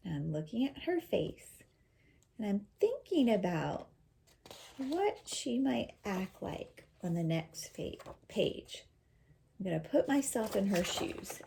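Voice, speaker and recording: A woman teacher reading a picture book aloud to children, slowly explaining words and asking questions. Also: mid-range voice, big pitch swings, vocal fry, warm tone. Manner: slow, explains words and asks listeners questions. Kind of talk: children's read-aloud with commentary.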